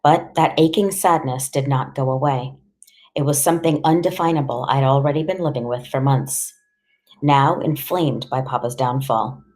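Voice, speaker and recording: A woman narrates an audiobook with a low, grounded voice. Her reading is measured and steady, never rushed. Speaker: audiobook reader. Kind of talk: scripted narration.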